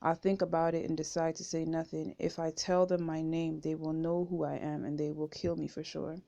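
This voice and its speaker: A woman reading a memoir aloud in first person, steady and unhurried, on a dull lo-fi home recording. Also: low-pitched, vocal fry. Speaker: audiobook reader.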